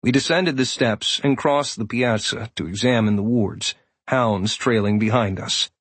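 Husky male audiobook narrator. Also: medium pitch, a little slow, dry recording. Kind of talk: first-person audiobook narration.

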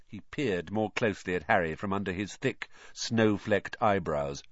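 A male narrator reads a storybook with a lively, widely varied pitch. The recording is dry and slightly dull, with no room sound. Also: moderate pace, hardly any pauses, no room sound. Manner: expressive, animated delivery. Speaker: audiobook narrator. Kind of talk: storybook reading. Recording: dry, slightly muffled audio.

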